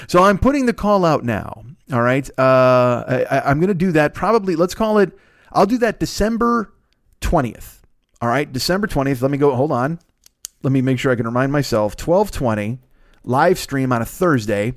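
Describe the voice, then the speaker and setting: A man's voice: on the high side, very animated, moderate pace, dry recording, clean studio sound. An American man in his forties hosting a comedy podcast, talking in a rambling, profane, self-correcting way. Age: 40s. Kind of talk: casual rambling monologue.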